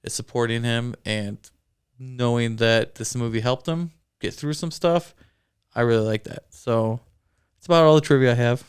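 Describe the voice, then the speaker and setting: Guy co-hosting a movie review, very clean clear voice, chatty and easygoing. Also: mid-range voice, fairly even intonation, moderate pace. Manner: chatty, laughs often. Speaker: podcast co-host. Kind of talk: casual movie review chat.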